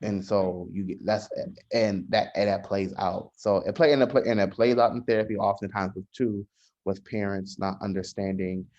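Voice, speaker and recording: A man, a social worker, talking in a casual podcast conversation, measured and often restarting his sentences. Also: lowish voice, fairly even intonation, darkish tone. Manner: measured, frequent restarts and hesitations. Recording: dull lo-fi sound.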